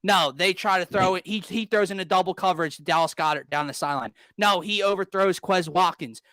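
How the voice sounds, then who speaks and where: Ranting young sports host, bright and high. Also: male voice, fairly quick, no echo. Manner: exasperated, ranting, sarcastic. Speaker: podcast host. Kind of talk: casual sports talk.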